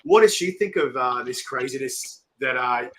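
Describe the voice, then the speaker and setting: A man's voice: medium pitch, lively intonation, normal speed, slight background noise. A man with an Australian accent hosting a casual live-stream interview, chatty and slangy, laughing often. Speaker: host.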